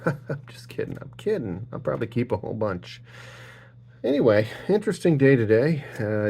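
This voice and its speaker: A man's voice: mid-range voice, a little mellow. A man chatting casually while sorting trading cards, rambling with jokes and profane rants. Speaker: card-opening channel host.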